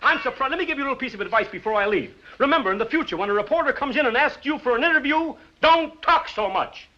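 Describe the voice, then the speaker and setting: An actor playing a pompous male newspaper reporter who badgers and interrupts in rapid, condescending bursts, in 1940s film comedy style. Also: extremely high pitch, expressive. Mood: badgering. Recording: lo-fi old film soundtrack.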